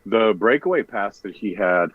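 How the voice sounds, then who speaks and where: A man telling loose, self-correcting stories as a podcast guest. His voice sits on the low side. The recording is dull and dry, with little room sound. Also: animated, normal speed, no room sound. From Canada. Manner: rambling, self-correcting storyteller. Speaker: comedian guest. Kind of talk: casual podcast chat.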